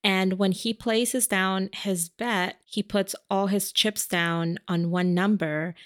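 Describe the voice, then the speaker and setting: A woman's voice: medium pitch, fairly even intonation, slow, fairly bright tone, no echo, clean studio sound. A woman co-hosting a podcast, recapping a movie in casual, chatty talk with frequent laughs and asides. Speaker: podcast co-host.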